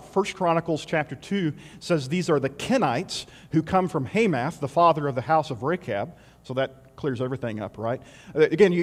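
Conversational preacher in a reverberant hall. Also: male voice, a little high. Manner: conversational, with rhetorical questions and wry asides. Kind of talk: sermon.

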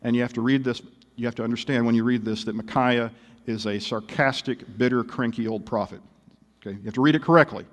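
A man's voice: medium pitch, steady tone, fast talker, big-room sound. A male pastor preaching a sermon, telling stories animatedly with wry humor.

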